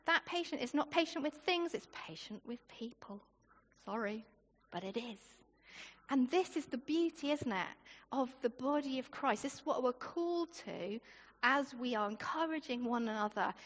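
A woman preaching a sermon in a church, chatty and animated, with informal asides. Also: on the high side. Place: church hall. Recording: long hall reverb.

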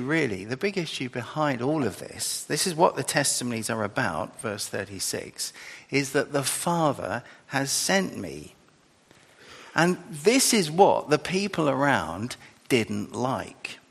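A man's voice: a little high, gravelly, fairly bright tone, in a large hall. A man preaching a sermon in a loose, conversational way, with restarts and asides.

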